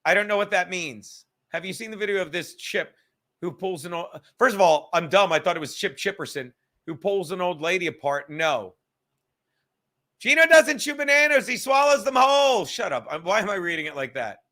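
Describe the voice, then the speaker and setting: A man's voice: a little high, bright, forceful tone. A man hosting a podcast, rambling casually from his apartment, swearing and joking. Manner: profane, joking, reads aloud from a book. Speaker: podcast host.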